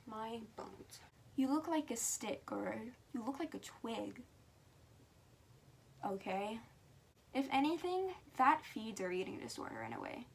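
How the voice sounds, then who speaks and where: Speaking to camera as a vlogger, a teenage girl talks earnestly and frankly in a medium-pitched voice. She stresses words emphatically and stretches them out, sometimes dropping to a whisper, with slight background noise behind her.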